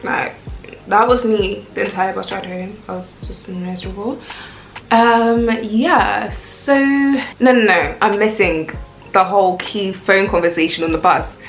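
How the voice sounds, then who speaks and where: A young woman, telling a casual storytime rant in a chatty, animated way. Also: mid-range voice, unhurried. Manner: chatty, animated, lots of "like" and "I was like". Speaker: vlogger. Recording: echoey room with faint music.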